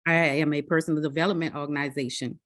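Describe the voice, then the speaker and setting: A woman in her forties with a New Orleans accent, a life coach introducing herself to a group, warm and emphatic, repeating words for stress. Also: sits low, fairly even intonation, quick pace. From New Orleans, Louisiana. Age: 40s. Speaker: life coach and business founder. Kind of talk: self-introduction in a group call.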